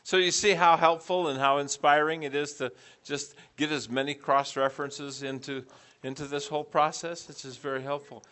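A man's voice: fairly high pitch, steady tone, normal speed, hardly any pauses, a bit bright. A middle-aged man teaching a preaching class, putting questions to the group and repeating back their answers.

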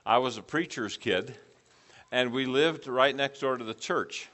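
A middle-aged man leads a church teaching session with a bright, clear voice at an ordinary pitch. He asks the group question after question and repeats their answers back to them. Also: unhurried. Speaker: preaching class teacher. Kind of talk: interactive class teaching.

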